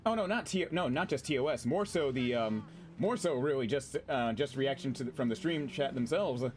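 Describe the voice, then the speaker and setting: A man streaming a game, chatting casually with his audience in an excitable, chatty way and swearing freely. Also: medium pitch, moderate pace, a little hiss or hum. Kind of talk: casual gameplay commentary.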